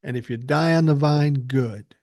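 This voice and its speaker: A man's voice: medium pitch, normal speed, a little mellow, no room sound. An older man hosting a podcast, delivering a blunt, profane and angry political monologue into a close mic. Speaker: podcast host.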